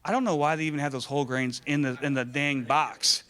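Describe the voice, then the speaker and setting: A man in his thirties from Michigan, a guest speaker telling stories to a live audience in an animated, joking way. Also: a little high, brisk. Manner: animated and joking, acting out dialogue. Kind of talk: storytelling talk to a live audience.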